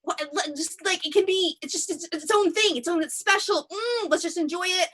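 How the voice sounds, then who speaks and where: A woman's voice: very high-pitched, normal speed, fairly bright tone. A woman doing improvised stand-up comedy in a rambling, self-deprecating way, full of fillers and tangents. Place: theatre stage.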